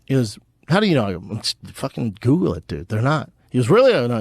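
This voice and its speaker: A man's voice: mid-range voice, big pitch swings, quick pace, gravelly, darkish tone, breathy edge, no room sound, clean studio sound. A man telling stories in a blunt podcast chat, swearing often.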